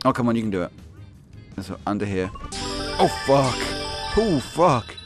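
A young man giving excitable, swearing commentary on a game, laughing often and yelping in high squeaks. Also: a little slow, over music. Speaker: gaming video host.

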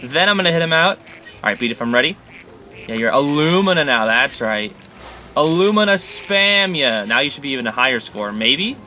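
A man giving let's-play commentary on a game he is playing, excitable and chatty, coaxing the creatures on screen. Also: mid-range voice, normal speed. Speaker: gaming channel host.

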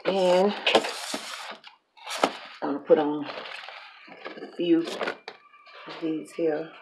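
A woman chats casually as she cooks at home, her voice sitting low. She talks herself through each step and laughs at her own slips. A faint hiss of noise sits under the camera mic. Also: fairly even intonation, drawn-out words. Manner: chatty, self-talking, laughs at her own mistakes. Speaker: mukbang cooking vlogger. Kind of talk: casual cooking chat to camera. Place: home kitchen with grill.

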